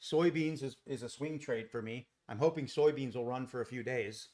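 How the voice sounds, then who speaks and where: A man's voice: mid-range voice, normal speed, a little mellow. A man hosting a live trading stream, talking casually and answering viewers from the chat by name. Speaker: day trading livestream host. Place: home in Costa Rica. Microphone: desk mic without boom arm.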